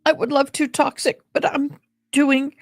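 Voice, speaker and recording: Her voice sits high, unhurried and level in tone, as she casually chats with viewers during a game livestream. Quiet game music runs underneath. The recording is dry and of studio quality.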